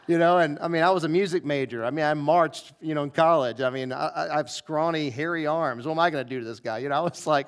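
Guy preaching at a revival, tells stories and does everyone's lines, mid-pitched voice. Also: brisk, clean tone. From southern United States. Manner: animated storyteller acting out dialogue. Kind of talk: revival sermon with storytelling.

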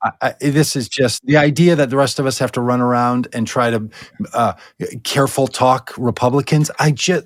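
A man's voice: medium pitch, steady tone, normal speed, no echo, studio quality. A man co-hosting a political talk show, ranting sarcastically to his co-host. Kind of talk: political commentary chat.

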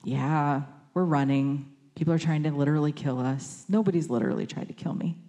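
A woman giving a conversational sermon, reading scripture and acting out quoted lines with lively shifts in voice. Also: deep voice, fast. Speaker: preacher.

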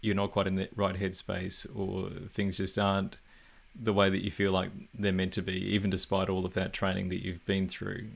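A male interviewer asking a gentle, hesitant question. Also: low-pitched, monotone, normal speed, gravelly.

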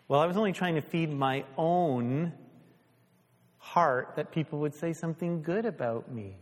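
A man's voice: a little high, moderate pace, in a large hall. A male pastor preaching a sermon in a conversational way, asking the congregation questions.

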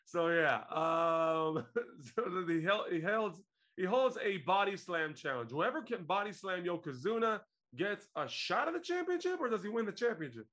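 A man from Israel co-hosting a podcast, retelling a wrestling event in a lively, joking casual chat. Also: high-pitched, moderate pace. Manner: animated storytelling, laughs often. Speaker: podcast co-host.

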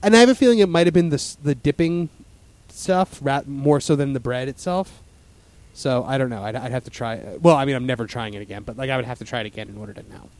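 A man's voice: medium pitch, fast talker, a little mellow, no room sound. A man in casual chat as a podcast host, rambling with lots of fillers and restarts.

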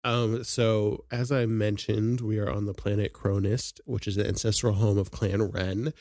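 A man with a somewhat low voice co-hosts a casual chat. He shares little fun facts and laughs often between lines. The sound is dry and close. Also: flat delivery, unhurried, a little mellow, no room sound. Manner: chatty, shares trivia with frequent laughs. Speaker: podcast co-host.

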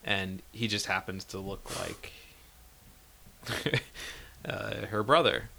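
Man, bright voice, lowish pitch, hesitant casual film chat, podcast co-host. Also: takes it slowly, gravelly, a little hiss or hum. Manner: hesitant, many fillers and restarts, laughs often.

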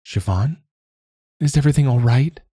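A grieving young woman from a storybook pleads in a raised, unsteady voice, put on by a male narrator. The read is breathy and husky, set close in a dead, dry booth. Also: medium pitch, moderate pace, dark tone, no room sound, pitched above the performer's own voice. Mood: tearful. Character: young woman, distraught and tearful.

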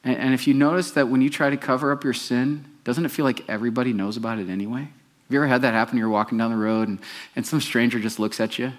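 A man's voice: medium pitch, fairly even intonation, quick pace. A male pastor giving a conversational sermon, often putting questions to the congregation.

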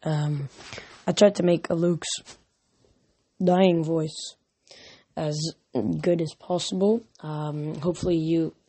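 Woman, earnest read-aloud of a novel, lowish voice, occasional slips. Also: steady tone, takes it slowly, long pauses, warm tone, slightly rough. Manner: earnest, stumbles and corrects words. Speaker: reader.

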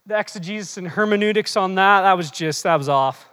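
Animated preacher in a reverberant hall. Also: mid-range voice, fairly quick, smooth. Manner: animated, teasing, occasionally shouting. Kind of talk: sermon. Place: large hall with long reverb.

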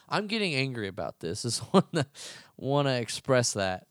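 A young man hosts a podcast and rants casually, pressing his points with heavy profanity and rising heat. His voice sits at an ordinary pitch. The sound is dry and close, with no room around it. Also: big pitch swings, normal speed, dry recording. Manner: heated, profane, emphatic arguing. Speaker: podcast host. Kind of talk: casual ranting monologue.

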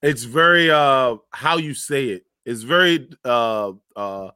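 A man chatting casually on a panel over a video call, animated and slangy, often restarting his sentences. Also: medium pitch, slow, clean tone, no echo. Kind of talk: casual podcast chat.

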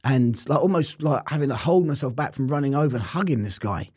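Earnest man, warm mellow voice. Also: medium pitch, expressive, brisk, husky, no room sound, studio quality. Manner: earnest, reflective storytelling. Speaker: interview guest. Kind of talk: personal testimony in an interview.

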